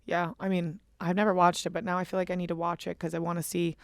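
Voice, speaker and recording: A young woman hosting a podcast, telling animated, profane stories in casual chat. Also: fairly low pitch, fast talker, no echo, studio quality. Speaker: podcast host.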